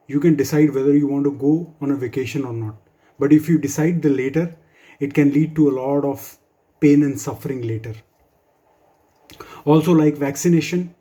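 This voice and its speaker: Man, stand-up comic, mellow tone, slightly high voice, dry asides. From India. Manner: wry, dry humor with asides. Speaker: stand-up comedian. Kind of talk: stand-up comedy set for office colleagues.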